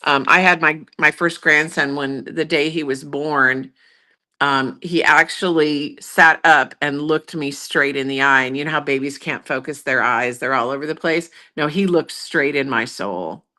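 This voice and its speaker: A woman's voice: low voice, measured pace, pushed and bright. An older woman giving a casual psychic tarot reading, earnest and flowing, with many fillers. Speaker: tarot reader.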